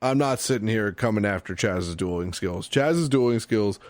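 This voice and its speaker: A man co-hosting a casual podcast, excitable and emphatic, swearing for emphasis. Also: on the low side, moderate pace, dry recording. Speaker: podcast co-host.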